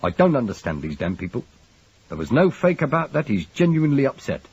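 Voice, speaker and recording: A man voicing a kindly but blunt older police superintendent who speaks plainly and gruffly. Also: mid-range voice, big pitch swings, brisk, a little mellow, no echo, dull audio, voice pushed up, heavily acted.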